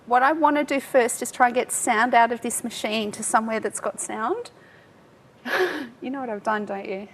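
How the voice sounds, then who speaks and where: A woman's voice: fairly high pitch, moderate pace, slight background noise. Chatty woman giving a live tech demo. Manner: chatty, self-mocking, laughs often. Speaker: tech speaker. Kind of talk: live software demo talk.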